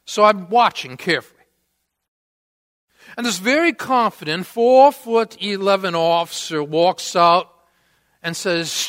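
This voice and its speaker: A man's voice: high-pitched, a little slow, long pauses, fairly bright tone. A man preaching a sermon, telling a story with dramatic acted quotes. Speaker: pastor. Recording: long church-hall reverb.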